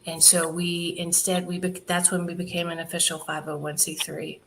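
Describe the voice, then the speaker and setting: A woman with a somewhat low voice tells a story in an interview. She is animated and laughs easily, and she often slips into quoting other people. Faint noise sits behind her voice. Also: moderate pace. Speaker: charity founder guest.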